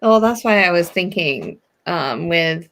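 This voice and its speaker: A woman's voice: lowish voice, expressive, unhurried, fairly bright tone. A woman in casual chat, asking hesitant, rambling questions with many fillers.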